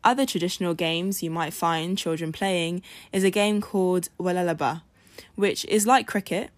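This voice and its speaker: A woman hosting a podcast, narrating a folk tale in a clear, measured storytelling manner. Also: fairly low pitch, fairly even intonation, no echo. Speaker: podcast host.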